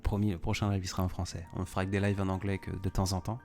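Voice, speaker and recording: Low gravelly man. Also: flat delivery, rapid-fire, darkish tone, soft background music. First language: French. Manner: rambling, chatty, frequent restarts. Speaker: livestream host. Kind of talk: casual chat, reading viewer comments.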